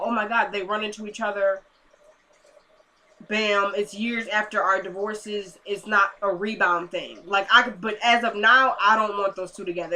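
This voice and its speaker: A young woman talks straight to camera in a loose, chatty recap, her voice bright and forward. She retells scenes by slipping into the characters' lines, dropping low and quiet for the dialogue, then springing back up when she gives her own take. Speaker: TV episode reviewer. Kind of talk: casual recap vlog.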